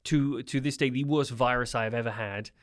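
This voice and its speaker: A man's voice: medium pitch, steady tone, fairly quick, no room sound. Podcast co-host, man, self-deprecating storyteller, weary, dry close mic. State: tired. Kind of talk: casual chat.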